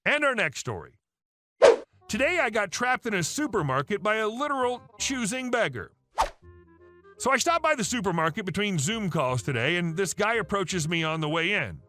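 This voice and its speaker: A man's voice: high voice, big pitch swings, normal speed. A man narrating online stories in a casual, wry storytelling tone. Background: faint music.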